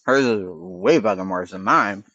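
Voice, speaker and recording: A man's voice: low-pitched, a little slow, pushed and bright, no room sound, lo-fi sound. A man with a Boston accent hosting a casual livestream chat, blunt and profane, answering his chat. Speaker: livestream host.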